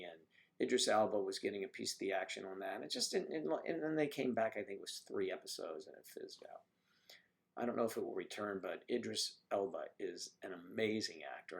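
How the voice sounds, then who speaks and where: An older man hosting a casual livestream, chatting with viewers in a teasing way and dropping into soft asides. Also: fairly low pitch, gravelly. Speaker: livestream host. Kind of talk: casual chat reading viewer comments. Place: home livestream.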